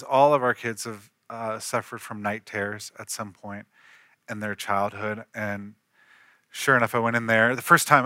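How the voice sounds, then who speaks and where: A man's voice: medium pitch, sharp tone, no echo, clean studio sound. A man in his thirties, a pastor, preaching an earnest storytelling sermon that rises to emphatic peaks.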